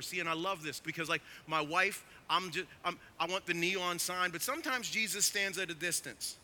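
A man preaching a sermon as pastor, emphatic, swinging from quiet asides to loud, urgent stresses. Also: high-pitched, normal speed, hardly any pauses.

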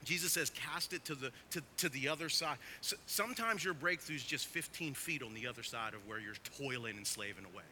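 Bright-voiced emphatic male preacher. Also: mid-range voice, fairly quick, hardly any pauses, a little hiss or hum. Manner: emphatic, swings from quiet to loud. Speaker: pastor. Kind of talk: sermon.

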